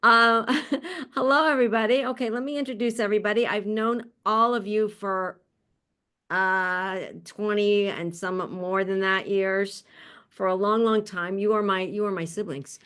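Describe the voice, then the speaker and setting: A woman with a medium-pitched, steady, fairly bright and clean voice hosts an online panel at normal speed. She introduces each speaker over a video call in a casual, upbeat, talkative manner, laughing frequently.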